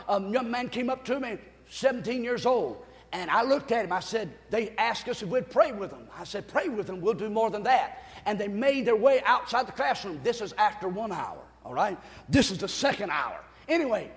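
An older man preaching a sermon with exuberant energy, whooping, laughing and shouting at the peaks. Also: very high-pitched, creaky, in a large hall. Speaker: pastor.

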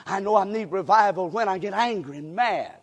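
A man preaching a revival sermon, folksy and direct with the congregation, dropping to quiet asides and rising to shouted exhortation. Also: sits high, a little fast. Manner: folksy, addresses crowd directly. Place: church sanctuary. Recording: long hall reverb.

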